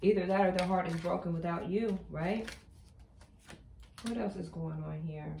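Brief: chatty tarot reader, woman with a low voice, emphatic and repetitive, in an echoey room. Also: fairly even intonation, moderate pace, gravelly, mellow, slight background noise. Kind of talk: casual tarot card reading.

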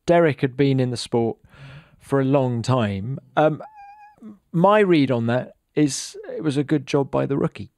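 Measured male podcast host, dry studio. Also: medium pitch, vocal fry, a little mellow, no echo. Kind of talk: interview questions. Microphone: studio podcast mic.

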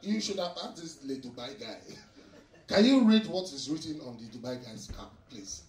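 On a noisy club stage, a young man with a Nigerian accent teases the crowd during live stand-up, laughing while he talks into a handheld mic. His mid-range voice is very animated and a little mellow, at a moderate pace. The echoey room and far-off pickup carry the audience's laughter and cheering.

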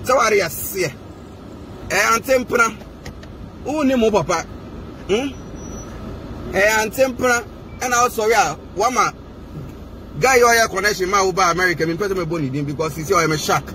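A man's voice: sits high, normal speed, pauses often, pushed and bright, slight background noise. A man with a Ghanaian accent delivering a heated, mocking rant to the camera, switching between languages. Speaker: social media personality.

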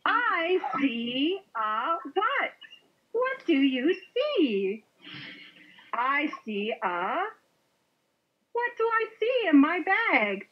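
A woman teaching English to a young learner over a video call, speaking slowly with exaggerated, sing-song cheer and playful sound effects. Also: sits high. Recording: muffled lo-fi online call audio.

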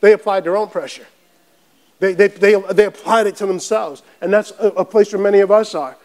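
A man preaching a sermon as pastor, fervent and building to shouts, often repeating words and restarting phrases. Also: sits high, fairly even intonation, fairly quick.

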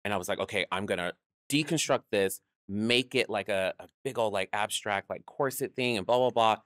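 Animated low-voiced man telling stories. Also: a little fast, no echo, studio quality. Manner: animated storyteller acting out quoted voices, laughing often. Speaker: guest, drag performer. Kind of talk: storytelling interview chat.

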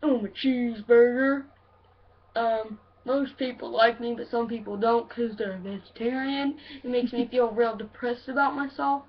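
A talking cheeseburger complains in a quiet, sulky voice, full of self-pity, as a woman acts it out. The voice is high. It sounds dull, as if from across a room. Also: lightly acted.

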